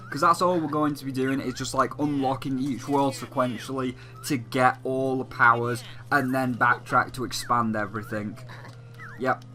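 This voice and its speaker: A young man rambles through casual gameplay commentary, talking in quick, chatty bursts. His voice has a very bright, sharp tone. Faint game music plays underneath. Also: mid-range voice. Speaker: let's play gamer.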